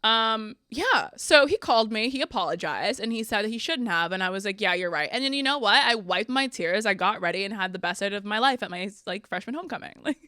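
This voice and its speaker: A young woman hosting a podcast, telling funny stories from her life in a chatty, animated way, often laughing. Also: medium pitch, a little fast, few pauses, no room sound, studio quality. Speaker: podcast host. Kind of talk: casual storytelling.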